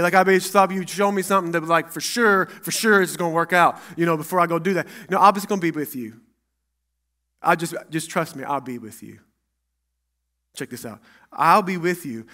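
A man preaching a sermon as pastor in a church, acting out Bible dialogue and swinging between loud and hushed. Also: high-pitched.

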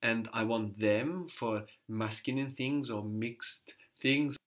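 A man's voice: mid-range voice, takes it slowly, a bit bright. A man teaching a language lesson, patiently prompting a student and repeating her answers.

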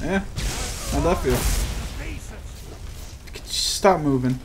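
A young man giving casual, profane, joking commentary while playing a video game, quick to get frustrated. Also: on the high side. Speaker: gaming video host. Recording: audible background noise.

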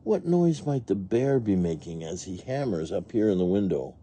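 Reading a picture book aloud for young children, this man mimics animals and machines for fun and poses questions to his audience. His voice is fairly low, dark and slightly rough, swinging widely in pitch at a moderate pace.

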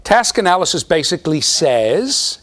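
A man's voice: fairly high pitch, sing-song, moderate pace, a bit bright. A man giving a university lecture to a large class, playful and talking straight to his students. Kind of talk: classroom lecture with live demonstration.

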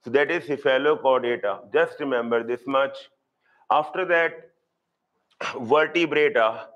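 A middle-aged man gives a live online zoology lecture at a very slow, deliberate pace. He says each key term two or three times and keeps checking that his students are following. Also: medium pitch, lo-fi sound. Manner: slow, repeats key terms, asks students if they follow. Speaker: zoology teacher.

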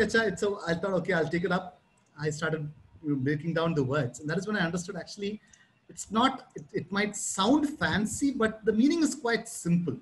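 A man's voice: a little high, slight background noise, low-quality recording. A man from Kerala, India, speaking as a pastor at an online youth Bible study, chatty, acting out both sides of a phone conversation while telling a story.

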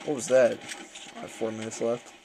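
A man's voice: mid-range voice, level tone, normal speed, gravelly, warm tone, a little hiss or hum. A young man ranting casually and profanely while playing a shooter game, rambling and laughing often.

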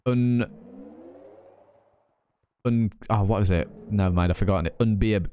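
A man's voice: on the low side, mellow, slight background noise. A man of twenty-nine from northern England, with a northern English accent, chatting casually on a live stream and reading out chat. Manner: chatty, rambling, quick to laugh.

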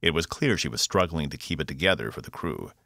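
A man narrating his own science fiction audiobook, expressive and voicing every character. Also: rumbling low, fast, vocal fry, dry recording, clean studio sound. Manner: expressive, voices all characters. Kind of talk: scripted narration.

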